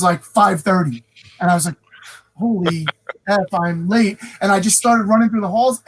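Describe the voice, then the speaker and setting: A man in his forties, a podcast co-host, telling halting, self-correcting stories in casual chat. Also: high voice, a little hiss or hum. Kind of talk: casual storytelling.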